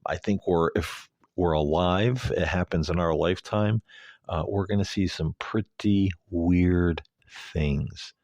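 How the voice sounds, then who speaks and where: A man's voice: extremely low pitch, dry recording, studio quality. A male host giving a rambling, hesitant, earnest solo commentary.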